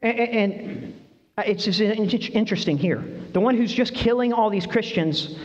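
A man's voice: sits high, moderate pace. A male pastor preaching a sermon, asking his congregation questions as he goes. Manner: lively, quizzes the congregation with questions. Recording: long reverb, dull lo-fi sound.

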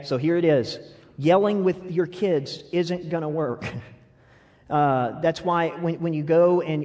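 A young adult man preaching a sermon, animated and laughing often, swinging between loud outbursts and soft asides. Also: on the high side. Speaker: pastor.

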